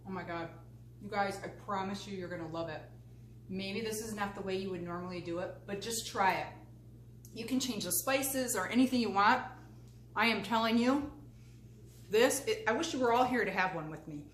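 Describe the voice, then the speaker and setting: A woman's voice: medium pitch, normal speed, fairly bright tone. A woman hosting a casual cooking demonstration, chatty and enthusiastic as she talks straight to her viewers from a home kitchen. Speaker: cooking channel host. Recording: echoey room with faint background noise.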